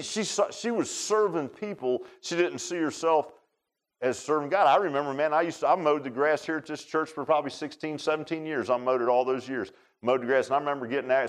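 A middle-aged man preaching a folksy sermon, telling personal stories in a chatty, drawling way, often repeating words and laughing at his own tales. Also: mid-range voice. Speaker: pastor.

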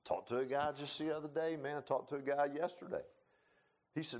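A man preaching a folksy sermon, telling stories and building to loud emphatic points. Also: fairly low pitch, a little fast. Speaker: pastor.

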